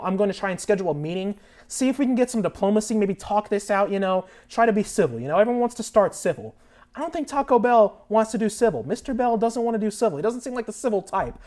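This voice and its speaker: A man's voice: fairly high pitch, a little mellow. A young man as a guest on a mock talk show, ranting theatrically and indignantly for comic effect. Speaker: guest enthusiast.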